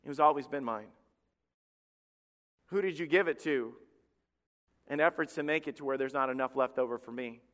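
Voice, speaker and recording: A man's voice: mid-range voice, normal speed, long pauses, fairly bright tone, long reverb tail. A pastor preaching a sermon in a church, emphatic and driving his points home through repetition. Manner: emphatic preaching, repeats key phrases. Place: church sanctuary.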